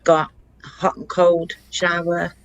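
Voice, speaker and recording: A woman's voice: lowish voice, little pitch movement, takes it slowly, no room sound, lo-fi sound. A middle-aged woman from Derbyshire with a Derbyshire accent, a caller chatting casually and often searching for words. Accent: Derbyshire English. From Derbyshire, England. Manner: rambling, searching for words with fillers. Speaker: caller on a livestream. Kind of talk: casual chat.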